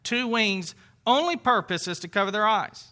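A man's voice: sits high, lively intonation, normal speed, bright, forceful tone. A man preaching a sermon to his congregation, conversational, with rhetorical questions and asides. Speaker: pastor.

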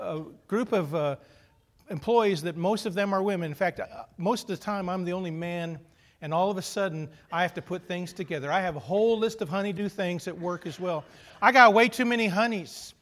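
A middle-aged pastor with a fairly high voice is giving a sermon. His storytelling is animated, sprinkled with funny asides.

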